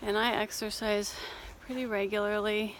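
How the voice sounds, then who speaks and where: A woman coach talking casually while walking outdoors up a hill, gentle and reassuring, a little out of breath. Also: medium pitch, little pitch movement, moderate pace, a little hiss or hum. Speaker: life coach and therapist. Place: outdoors on a cold hill walk.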